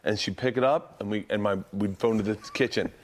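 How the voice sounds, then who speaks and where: A man hosting a podcast, telling stories in a casual, animated way and laughing often. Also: fairly low pitch, a little fast, slight background noise. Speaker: podcast host. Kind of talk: casual chat.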